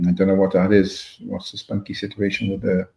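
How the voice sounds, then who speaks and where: A man's voice: deep voice, monotone, a little fast, creaky, darkish tone. Welsh man rambling on a livestream. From Wales. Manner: rambling, greets viewers by name. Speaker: livestream host reading chat. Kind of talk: casual chat. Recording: echoey room, dull lo-fi sound.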